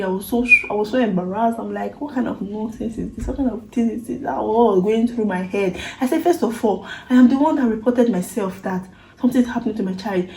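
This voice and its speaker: A Nigerian woman tells her own story straight to camera, earnest and emotional, with Pidgin turns of phrase. Her voice is mellow and warm. The recording has a noticeable echoey room sound. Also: mid-range voice, a little hiss or hum. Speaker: vlogger.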